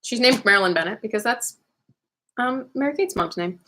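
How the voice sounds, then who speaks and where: A woman's voice: fairly high pitch, expressive, fairly quick, bright, forceful tone. A woman joking around and laughing with a friend while playing a party card game. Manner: playful, laughing, reads cards aloud. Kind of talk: casual game banter.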